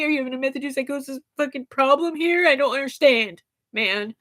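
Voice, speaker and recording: A woman's voice: high voice, fairly quick, a bit bright. A woman talking on a livestream in an agitated, rambling way, swearing a lot, restarting sentences and addressing her listener as sir, upset and sighing. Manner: agitated, profane, run-on talk with many restarts.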